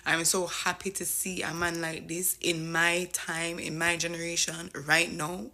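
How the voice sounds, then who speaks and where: A woman chatting casually to camera, animated and thinking aloud. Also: fairly low pitch, measured pace. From Jamaica. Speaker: vlogger. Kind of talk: casual commentary.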